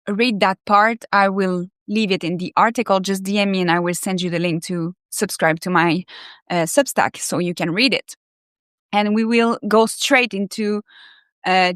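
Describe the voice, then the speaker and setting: Woman, live-stream host. Mid-pitched, dry close sound. Candid and effusive, swears freely while reading her own article aloud. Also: dry recording. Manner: candid, profanity-laced, self-reflective; animated and effusive.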